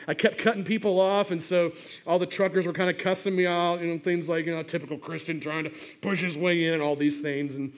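Middle-aged male pastor with a high voice, telling a self-mocking story from the pulpit. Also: flat delivery, a little fast. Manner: humorous storytelling with many restarts. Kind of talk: sermon with a personal story.

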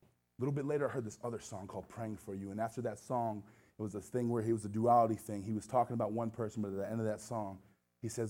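A man's voice: mid-range voice, fast, a little mellow. An American man preaching a sermon in a church, telling his story casually and then pressing his listeners with urgent exhortation. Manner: earnest, building to urgent exhortation. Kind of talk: sermon with personal testimony. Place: church sanctuary.

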